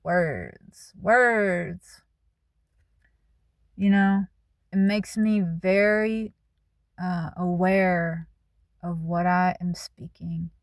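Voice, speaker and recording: A woman's voice: fairly low pitch, level tone, slow pace, a little mellow, no room sound, studio quality. A woman giving a candid, emphatic spoken monologue as a channel host, talking plainly.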